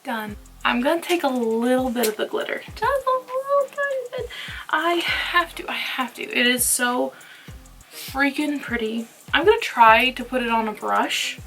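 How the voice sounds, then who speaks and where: A young woman chatting casually through a makeup tutorial, playful and sometimes dropping to soft murmurs. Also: on the high side, normal speed, faint music behind. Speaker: beauty vlogger.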